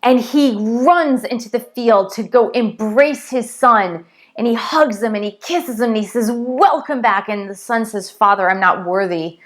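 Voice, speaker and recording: A woman's voice: fairly high pitch, measured pace. Earnest woman teaching a spiritual lesson. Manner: earnest, emphatic repetition. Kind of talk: spiritual teaching with parable retelling.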